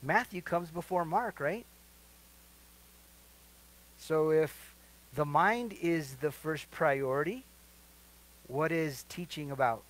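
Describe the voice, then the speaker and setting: Middle-aged male pastor, fairly high voice, preaching with quiz-like questions and sudden loud emphasis. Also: takes it slowly, long pauses, rough recording. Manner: asks the congregation questions to fill in verses, then answers them; swings from quiet asides to loud emphatic lines. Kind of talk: midweek Bible study sermon.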